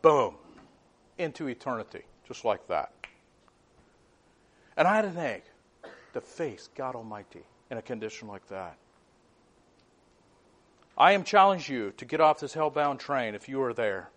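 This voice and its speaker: A man preaching a sermon in an earnest, fervent way, often repeating his words. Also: on the high side.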